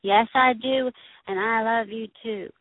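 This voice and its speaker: A woman reading aloud as a brave little storybook girl who stands her ground against a dragon, loud and firm. Her voice sits a little higher than the narration and comes through a thin, phone-like line with a dry, close sound. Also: fairly even intonation, a little slow, dry recording. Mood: tender. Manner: loud, defiant, then tender. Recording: tinny, phone-like dry recording.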